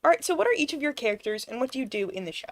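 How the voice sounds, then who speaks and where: Lively fast-talking young woman interviewer. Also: on the high side. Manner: bubbly, brisk questions. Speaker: student interviewer.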